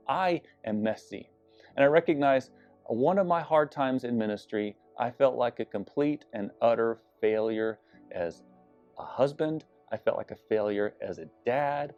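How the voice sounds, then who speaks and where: A man's voice: on the high side, warm tone, dry recording. A man preaching as a pastor, telling a personal story in an earnest, confessional way with some self-deprecating humor. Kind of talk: sermon-style personal storytelling. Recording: slightly dull sound with faint music behind.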